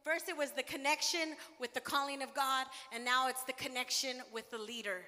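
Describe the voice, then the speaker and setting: A young woman with a high, bright, ringing voice delivers an impassioned sermon, building to shouted calls. Her words carry through a large church sanctuary, trailing a long hall reverb. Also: fairly even intonation, brisk. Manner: passionate preaching, rising to shouts. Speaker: preacher.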